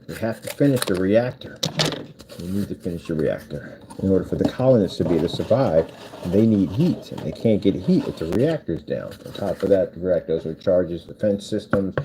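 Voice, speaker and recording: A man chatting casually and rambling as he builds a cardboard project, talking half to himself. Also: low-pitched. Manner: meandering, talks to himself while working. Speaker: vlogger building cardboard PC cases. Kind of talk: casual rambling chat while crafting. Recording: background noise with clicking.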